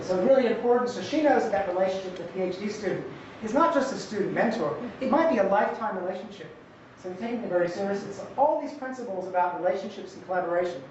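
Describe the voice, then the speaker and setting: A man giving an academic conference talk in a conversational, lively way with jokey asides. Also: high voice, a little hiss or hum. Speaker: conference presenter. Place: lecture hall. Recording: echoey hall, distant mic, dull sound.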